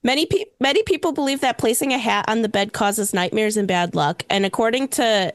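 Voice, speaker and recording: A woman's voice: on the high side, a little fast, no echo. A young woman co-hosting a paranormal podcast, casually chatting and laughing easily. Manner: laughs often, loose with fillers. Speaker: podcast co-host. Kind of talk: casual chat about superstitions.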